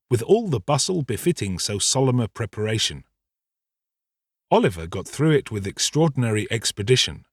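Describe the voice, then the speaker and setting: Husky, expressive male audiobook narrator. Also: medium pitch, no room sound, clean studio sound. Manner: expressive, theatrical storytelling.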